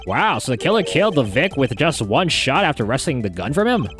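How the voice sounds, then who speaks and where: An eager, loyal police detective, as a man puts him on in a high, keen, deferential voice. The pitch jumps lively, and soft music plays behind. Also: fairly quick.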